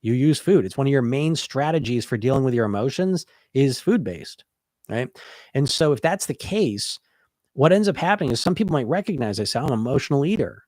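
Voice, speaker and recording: Animated man coaching in a dry podcast. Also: medium pitch, a little fast, no echo. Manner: conversational, animated, repeats words and restarts. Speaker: weight-loss coach and podcast host. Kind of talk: casual monologue.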